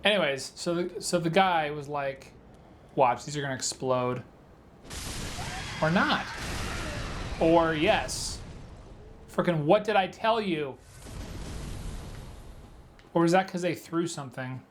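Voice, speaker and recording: A man's voice: a little high, slow, long pauses, a little hiss or hum. A man giving casual, rambling commentary while playing a video game, full of filler words. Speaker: let's play gamer.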